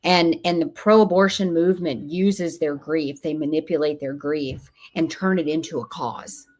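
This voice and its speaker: A woman's voice: low-pitched, fairly even intonation, normal speed, a little mellow. A woman speaking as an interview guest, earnest and emphatic, sometimes acting out what other people say. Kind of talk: casual interview talk.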